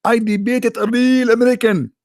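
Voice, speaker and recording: A man's voice: very high voice, steady tone, moderate pace, a little mellow, no echo, clean studio sound, pitched above the performer's own voice. Man putting on a taunting boastful cleric. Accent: Arabic-accented English. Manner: taunting, raised voice. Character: smug male cleric, boastful, mocking.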